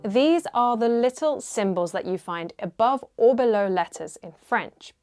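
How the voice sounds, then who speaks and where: A woman's voice: fairly high pitch, animated, measured pace, darkish tone, soft background music. A woman teaching a beginner French lesson, carefully modelling pronunciation and repeating words for learners. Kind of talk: language lesson.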